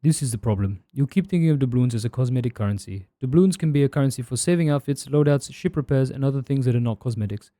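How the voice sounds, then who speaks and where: A man doing an impression of another male commentator, reading a viewer comment in a slow, heavy, grumbling voice. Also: medium pitch, mellow, no echo, voice pushed down, lightly acted.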